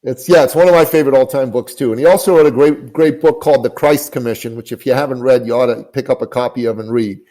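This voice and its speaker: A man's voice: medium pitch, steady tone, fast talker, few pauses, mellow, poor audio. A man guest on a podcast, earnestly telling stories and repeating key phrases for emphasis. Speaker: guest, business coach. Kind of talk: podcast interview storytelling. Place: lives in Canada.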